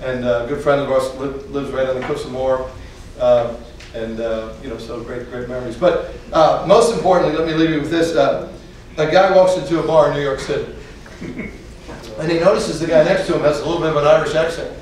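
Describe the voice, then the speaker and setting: A man's voice: fairly high pitch, steady tone, fairly quick, a little mellow, a little hiss or hum. A man telling funny anecdotes in a chatty, meandering way, often restarting and laughing as he goes. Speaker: speaker. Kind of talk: storytelling talk with jokes. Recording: distant, echoey room, faint ambience.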